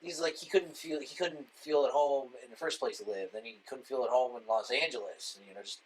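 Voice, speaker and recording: A man hosting a casual podcast chat, excitable and heavy on profanity, often exclaiming. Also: mid-range voice, brisk, a little hiss or hum, poor audio. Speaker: podcast host.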